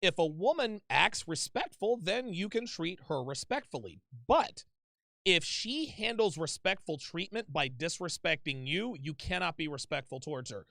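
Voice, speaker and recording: A man's voice: fairly high pitch, lively intonation, normal speed, vocal fry, fairly bright tone, dry recording, studio quality. A man hosting a call-in advice show, talking bluntly and emphatically with plenty of swearing. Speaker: host taking calls.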